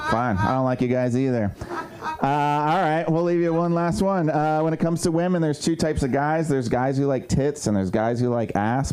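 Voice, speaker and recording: A man's voice: medium pitch, darkish tone. Dry young stand-up comic, a man. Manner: dry self-deprecating delivery. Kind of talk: stand-up comedy set. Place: comedy club stage.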